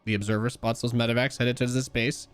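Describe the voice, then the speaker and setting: A man's voice: mid-range voice, little pitch movement, quick pace, smooth, faint music behind. A young man giving casual, joking commentary on an esports replay as a streamer. He swings between hype and dry asides. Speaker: streamer and caster.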